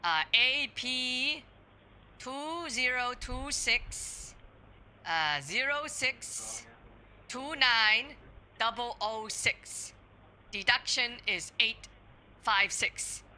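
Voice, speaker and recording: A man playing a hesitant adult woman posing as a scam target on a phone call, full of pauses and fillers. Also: very high-pitched, expressive, sharp tone, slight background noise, pitched above the performer's own voice, heavily acted. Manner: hesitant, slow, full of uh and spelled-out letters. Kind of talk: scambait phone role-play.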